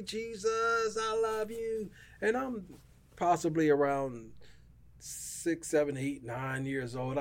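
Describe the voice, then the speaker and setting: A man's voice: mid-range voice, darkish tone. A middle-aged man telling his personal faith testimony as a podcast guest, in an earnest, emotional way.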